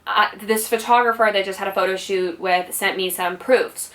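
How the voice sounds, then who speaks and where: A woman's voice: mid-range voice, steady tone, normal speed, a bit bright, far from the mic. Rambling woman vlogger, slightly off-mic. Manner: rambling, full of "like" and "you know". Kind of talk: casual personal storytelling.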